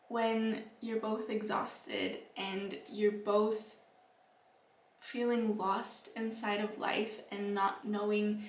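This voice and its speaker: A young woman vlogger giving earnest, reflective advice to the camera, with soft laughs and fillers. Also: medium pitch, steady tone, unhurried, far from the mic. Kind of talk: casual advice talk to camera. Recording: echoey room, voice a bit off-mic.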